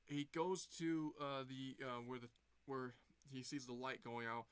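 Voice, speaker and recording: A man's voice: medium pitch, a little slow, smooth, no room sound. A man casually retelling a movie plot for a review vlog, rambling with lots of fillers and restarts.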